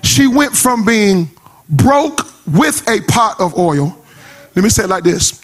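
A pastor preaching a sermon in a rising sing-song cadence, shouting at the peaks and talking in casual vernacular. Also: male voice, high-pitched, expressive, unhurried, husky. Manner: uses casual vernacular speech.

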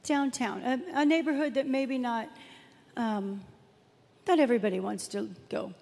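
A woman pastor preaching in a church, with a fairly high voice and a chatty, storytelling delivery. She slips into the voices of the people in her story as she goes. Long reverb hangs in the hall around her. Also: normal speed, gravelly, darkish tone. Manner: conversational storytelling, acts out quotes. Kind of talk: sermon. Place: church sanctuary.

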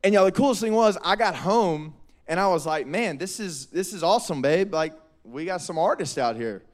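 A young man, preaching a lively, joking youth sermon. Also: sits high, moderate pace. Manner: animated, joking, quotes people in voices. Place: church hall.

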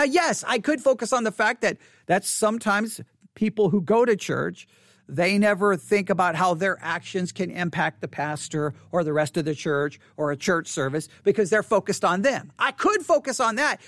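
A male pastor giving a livestreamed sermon in a church sanctuary, candid and self-deprecating, telling a story with lively restarts. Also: very high voice, dry recording, studio quality.

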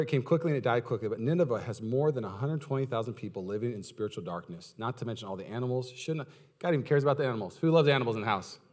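A man, preaching a sermon as pastor. His talk is conversational and full of questions to the audience, and he swings from loud, high outbursts to low, quiet stretches.

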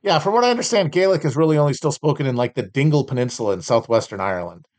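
A man's voice: mid-range voice, expressive, racing, darkish tone. A man hosting a solo podcast, reading out trading cards and mocking them with sardonic, profane, rambling asides. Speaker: podcast host.

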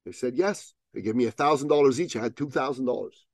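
A man telling a story as a podcast guest, acting out both sides of the dialogue with rising, loud peaks. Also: medium pitch, fast talker, dry recording, studio quality. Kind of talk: animated storytelling in an interview.

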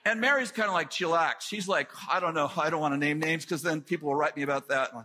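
A middle-aged man preaching a sermon, telling stories with lively asides and quick jokes. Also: on the high side. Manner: animated storytelling with quick asides.

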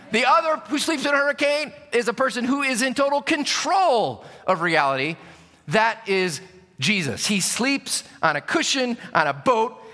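A man preaching a sermon, telling stories with sudden shouts and hushed drops. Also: high voice. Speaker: pastor. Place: church sanctuary. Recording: reverberant church hall. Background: long hall reverb.

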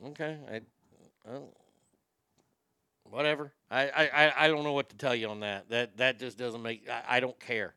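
A man's voice: medium pitch, fairly even intonation, normal speed, pauses often, bright, forceful tone, clear, resonant tone, dry recording. Sarcastic male podcast host. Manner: sarcastic, dismissive, stumbling restarts. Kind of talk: opinionated talk show monologue.

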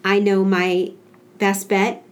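A woman's voice: mid-range voice, flat delivery, slow pace. A woman in her thirties chatting casually and reflectively about parenting, rambling a little. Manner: reflective, slightly rambling, with many restarts. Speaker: podcast co-host, mother of a kindergartner. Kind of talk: casual chat.

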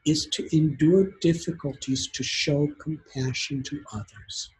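Male preacher, slightly high voice, very slow, earnest storytelling sermon. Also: fairly even intonation, darkish tone, husky, poor audio. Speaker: spiritual teacher.

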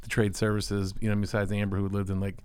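A man rattling off advice at a quick clip, joking and playing out little scenes with customers. His voice is lowish and smooth. It is recorded close and dry. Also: no room sound. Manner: fast, joking, animated storyteller. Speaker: podcast co-host, lash business partner. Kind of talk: casual business chat.

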